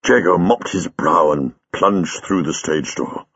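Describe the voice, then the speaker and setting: A man reading a story aloud in a measured storytelling manner. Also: deep voice, fairly bright tone, slightly rough, no echo, muffled recording. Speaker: audiobook reader. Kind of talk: scripted narration.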